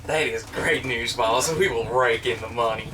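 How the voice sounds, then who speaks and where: A man's voice: medium pitch, normal speed, lightly acted. An earnest, dim-witted male secretary who rambles cheerfully and misses every joke, voiced by a man. His mid-range voice sounds plain and unforced, with faint background noise in a mockumentary comedy.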